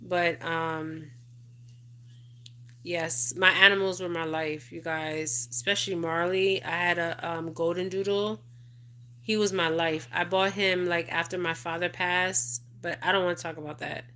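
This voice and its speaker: Rambling woman host, bright voice, flat delivery. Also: on the low side, measured pace. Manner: rambling, repeats "okay?" and "you guys", emotional asides. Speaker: spiritual advisor livestream host. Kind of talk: casual livestream chat reading viewer comments.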